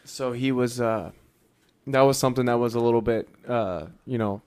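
A man's voice: medium pitch, normal speed, darkish tone, clear, resonant tone. A man in casual podcast chat, telling a rambling anecdote full of hesitations. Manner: rambling anecdote with many fillers and restarts.

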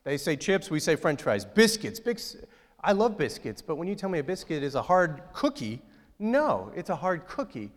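Man, pastor, relaxed joking sermon, fairly high voice, long hall reverb. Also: normal speed. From outside Ohio, United States. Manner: joking, asks the congregation questions. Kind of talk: conversational sermon.

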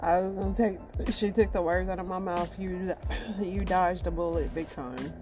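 A woman's voice: lowish voice, normal speed. A woman giving short, emphatic reactions to clips as the host. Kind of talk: reaction commentary. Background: music.

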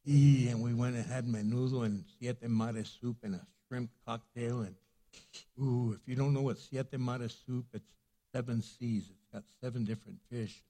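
A male pastor preaching a sermon, telling a lively personal story and acting out the people in it. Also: mid-range voice, normal speed. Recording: echoey hall reverb.

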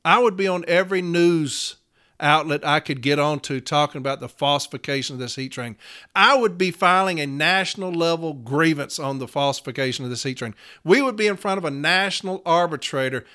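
A man's voice: a little high, bright, forceful tone. A man, hosting his podcast in an angry, profane solo rant. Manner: furious, profane, fiery. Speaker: podcast host.

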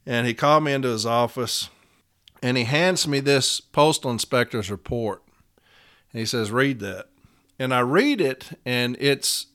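Middle-aged male union steward, impassioned repetitive delivery, bright tone. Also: medium pitch. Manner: fervent, repetitive, preacher-like cadence. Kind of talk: impassioned talk to union members.

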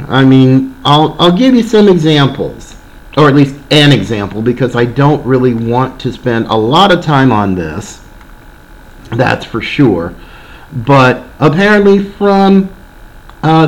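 A man's voice: a little high, poor audio. A man hosting a political commentary show, talking in an indignant, sarcastic monologue. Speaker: podcast host.

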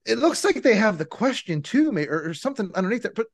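A man co-hosting a podcast, chatting casually and firing off animated rhetorical questions. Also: high-pitched, fast talker. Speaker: podcast co-host. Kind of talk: casual political chat.

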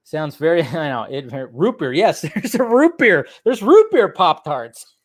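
A man's voice: sits high, lively intonation, normal speed. A man hosting a podcast, rambling through entertainment news with plenty of fillers, swearing and laughs. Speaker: podcast host. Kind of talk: casual solo news chat.

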